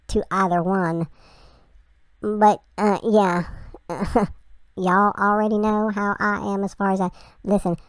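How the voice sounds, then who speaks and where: A woman's voice: mid-range voice, no echo. A woman hosting a reaction video, chatting bluntly and rambling through asides. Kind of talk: casual reaction commentary.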